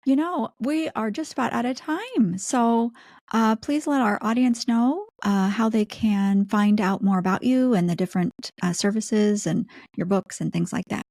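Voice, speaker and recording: A woman's voice: a little high, moderate pace, a little mellow, dry recording, studio quality. A woman from the United States hosting a podcast, upbeat and encouraging. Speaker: podcast host. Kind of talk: interview and scripted announcement.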